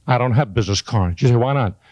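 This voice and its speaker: A man's voice: quick pace, no room sound. Older guy preaching about books to a crowd, homespun jokes, dry close mic. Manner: homespun, joking, swings to high excited peaks. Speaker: motivational speaker. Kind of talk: folksy motivational speech to a live audience.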